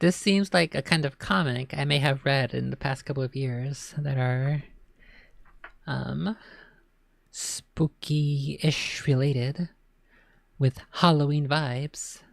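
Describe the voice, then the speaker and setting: Brief: woman storyteller, low and even, chatty asides, dry close mic. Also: takes it slowly, vocal fry, dry recording. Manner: casual asides between read lines. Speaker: storybook reader. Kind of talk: reading a children's horror story aloud.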